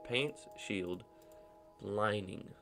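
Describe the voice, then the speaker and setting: Young man, nasal, lower voice, casual gameplay commentary, talks to himself, faint background music and keyboard typing. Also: very slow, fairly bright tone. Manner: talks to himself, joking asides and silly voices. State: just woke up. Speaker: gaming video creator.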